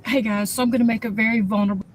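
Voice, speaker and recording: A woman recording an emotional personal video, tearful, halting and repeating herself, blunt and profane. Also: fairly high pitch, fairly even intonation, poor audio. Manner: halting, repetitive, outspoken with profanity. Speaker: social media creator.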